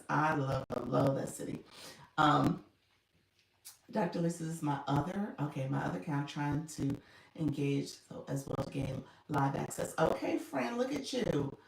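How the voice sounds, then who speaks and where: A woman's voice: deep voice, moderate pace, gravelly, a little hiss or hum. A woman coaching on a casual livestream, thanking viewers by name and laughing often. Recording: echoey room, mic at a distance.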